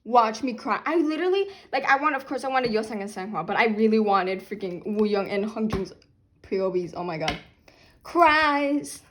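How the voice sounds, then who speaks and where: A young woman filming an unboxing vlog, talking loudly and dramatically, laughing and half-crying over what she gets. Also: medium pitch, brisk, a little hiss or hum. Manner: loud, chaotic, dramatic reactions with laughing and fake crying. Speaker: vlogger unboxing albums.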